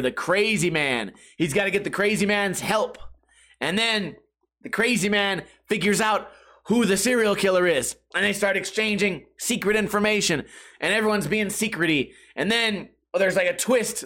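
A man's voice: high voice, fairly bright tone. A man hosting his podcast, rambling casually and joking with a profane streak. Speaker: podcast host. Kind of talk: casual chat.

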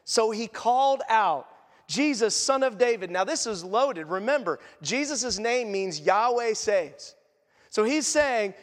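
A man's voice: extremely high pitch, animated, takes it slowly. A male pastor giving a conversational sermon, asking the congregation questions and acting out the people in the story. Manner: asks the congregation questions and acts out quotes. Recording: long reverb of a large church hall.

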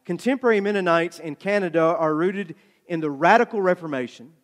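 A man preaching a sermon, telling a story with lively acted-out dialogue. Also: high voice, brisk. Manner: animated storyteller, acts out dialogue. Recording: long hall reverb.

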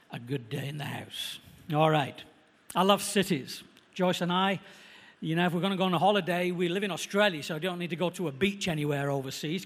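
Preacher, male, middle-aged, Manchester accent, brisk chatty delivery, fairly high voice, echoey church hall. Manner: quick, conversational preaching, slowing for emphasis. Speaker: visiting pastor. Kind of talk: sermon.

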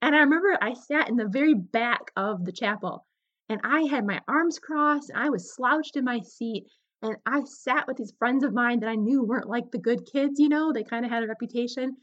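A young adult woman hosting a podcast, telling a personal story in an animated, candid way. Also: fairly high pitch, moderate pace. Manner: animated, candid, slips into quoted voices. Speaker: podcast host. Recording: slightly dull lo-fi recording.

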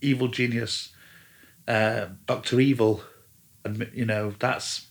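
Man, middle-pitched, chatty and meandering, restarts his sentences constantly. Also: flat delivery, takes it slowly. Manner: rambling, many restarts and fillers. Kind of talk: casual chat. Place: lives in a German-speaking country.

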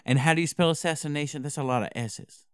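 Brief: male actor as a blunt guest, clear voice, dry sound. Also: fairly high pitch, quick pace, dry recording, lightly acted. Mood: eager. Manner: eager, blunt. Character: crude, eager male guest on an advice show. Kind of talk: improv comedy.

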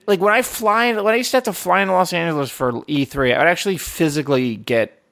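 A man in casual chat, rambling and animated as he tells stories, swearing freely. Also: a little high, fast, vocal fry.

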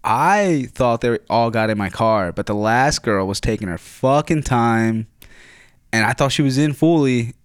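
A young man telling a casual story, rambling and profane, full of "like" and throat clearing. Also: mid-range voice, lively intonation, unhurried, dry recording, clean studio sound.

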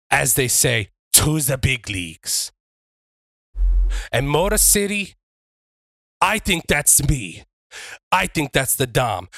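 A man's voice: on the high side, sharp tone, dry recording, clean studio sound, pitched above the performer's own voice, heavily acted. A man voicing a brash, trash-talking male pro wrestler who speaks of himself in the third person. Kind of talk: in-character wrestling promo.

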